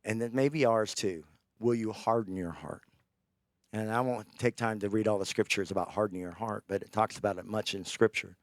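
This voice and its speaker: A man preaching a sermon, telling a scripture story with animated, acted-out character lines. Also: lowish voice, a little fast, no echo, studio quality.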